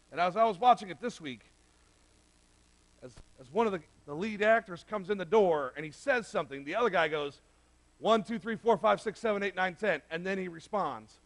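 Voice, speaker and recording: Heard on a rough recording, this middle-aged pastor has a high-pitched voice with vocal fry. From a church sanctuary, he gives a direct, conversational sermon meant for the men listening.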